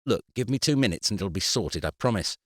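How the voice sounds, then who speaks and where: A man's voice: fairly low pitch, expressive, a little fast, fairly bright tone, dry recording, studio quality, voice pushed up. A man voicing a harried, exasperated man in his middle years, with a strained, pleading voice.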